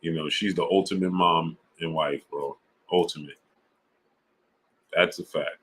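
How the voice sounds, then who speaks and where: A man hosting a sports live stream, chatting casually in slang and shouting out viewers by name. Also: low-pitched, fairly even intonation, unhurried. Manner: laid-back, slang-heavy, shouting out viewers. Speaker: sports channel host. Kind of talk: casual live-stream chat reading super chats.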